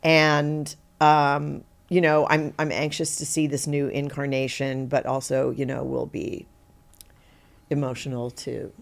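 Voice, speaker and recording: A middle-aged woman, an actor guest on a podcast, telling stories in a lively, conversational way and acting out the quotes in them. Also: extremely low pitch, measured pace, vocal fry. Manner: animated, acts out quotes in her story, laughs easily. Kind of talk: conversational interview storytelling.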